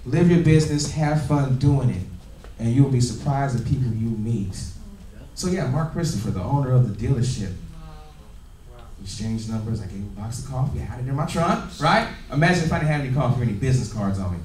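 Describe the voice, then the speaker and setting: A man giving an energetic, laughing motivational business training to a live audience in a meeting room. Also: medium pitch, fairly quick, recorded from a distance. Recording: echoey room, recorded from afar.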